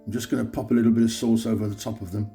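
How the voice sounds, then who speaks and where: A man's voice: on the low side, flat delivery, racing, gravelly. A man hosting his own cooking show, chatting cheerfully as he walks through each step of a recipe. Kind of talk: cooking demonstration. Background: soft guitar music.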